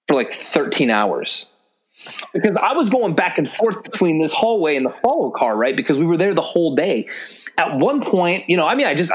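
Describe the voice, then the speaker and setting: A man's voice: fairly high pitch, a bit bright. A man in casual conversation, recounting his years as a special agent. He rambles comfortably, stacks up fillers and throws in the odd curse, with a mid-range voice that moves freely. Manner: loose and chatty, many fillers and frequent swearing. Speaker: podcast guest, former special agent. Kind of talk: casual storytelling.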